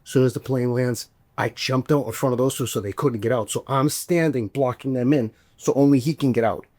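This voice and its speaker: A man hosting a podcast, telling a story in a casual, animated way, swearing and acting out the voices he quotes. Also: mid-range voice, a little fast, no echo. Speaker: podcast host.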